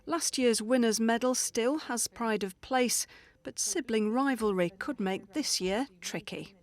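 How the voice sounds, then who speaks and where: A woman reporter reading a scripted news report in a measured, clear way. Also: on the high side.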